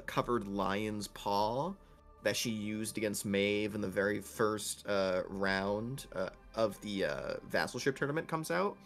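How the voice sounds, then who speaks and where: A man's voice: medium pitch, fairly bright tone. A man narrating a tabletop game as game master, telling the scene vividly with laughs and swearing.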